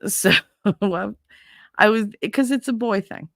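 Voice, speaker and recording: A woman's voice: medium pitch, takes it slowly, gravelly, no echo, clean studio sound. Laughing, blunt New York woman telling a story. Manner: animated, laughs often, acts out quotes; blunt, swears casually. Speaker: podcast host. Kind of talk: casual storytelling.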